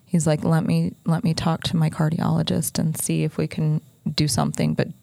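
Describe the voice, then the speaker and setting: Low, gravelly-voiced woman telling her story. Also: completely flat delivery, moderate pace, dark tone, dry recording, clean studio sound. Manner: candid, conversational, lots of filler "like". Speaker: podcast host. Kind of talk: personal storytelling.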